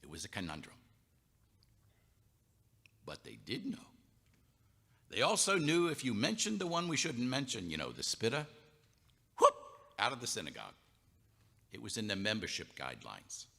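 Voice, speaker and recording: A man's voice: lowish voice, huge pitch swings, normal speed, creaky, long pauses, pushed and bright. A man telling a story in a wry, theatrical comic way on a chapel stage. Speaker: storyteller performer. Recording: reverberant chapel hall.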